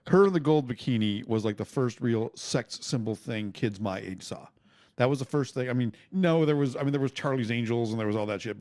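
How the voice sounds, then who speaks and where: A man's voice: medium pitch, darkish tone. A man co-hosting a podcast, chatting casually with sarcastic, teasing banter. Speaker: podcast co-host.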